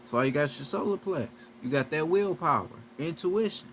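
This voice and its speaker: A man's voice: fairly high pitch, animated, normal speed, fairly bright tone, a little hiss or hum. Profane, preachy man lecturing viewers. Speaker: spiritual video creator.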